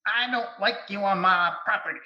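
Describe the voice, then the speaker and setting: A woman's voice: mid-range voice, a little fast, voice pushed up, close to an everyday voice. A man voicing an angry, territorial female ghost who is stuck at her old property, speaking curtly and possessively. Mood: hostile. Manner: curt, possessive. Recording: distant, roomy, dull.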